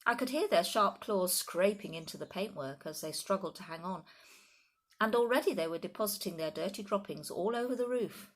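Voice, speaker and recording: Woman narrator, storybook reading, animated pitch, expressive. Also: brisk. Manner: expressive, lively. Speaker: audiobook narrator.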